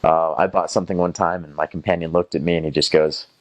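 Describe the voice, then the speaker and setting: A man's voice: extremely low pitch, fairly even intonation, fast, lo-fi sound. A young man from North Carolina with a Southern American accent, casually telling stories about his time as a missionary, rambling with lots of fillers and restarts and mimicking other people's voices. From North Carolina, USA. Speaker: former missionary. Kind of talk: casual first-person storytelling.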